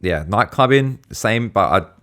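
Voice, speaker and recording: Australian male co-host, lower register, rambling slangy storyteller. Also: lively intonation, unhurried, fairly bright tone. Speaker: podcast co-host. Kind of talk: casual podcast chat.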